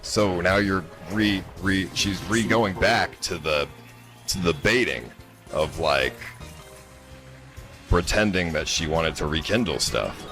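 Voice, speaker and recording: A man's voice: sits low, lively intonation, slow, bright, forceful tone, faint music behind. A man telling a personal story in a casual, rambling way, frustrated and full of filler words.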